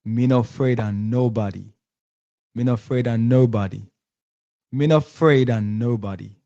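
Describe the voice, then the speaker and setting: A man putting on a Jamaican patois accent to mimic a politician's defiant catchphrase, slow and emphatic. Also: medium pitch, gravelly, mellow, highs cut off, lightly acted. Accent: Jamaican patois, put on.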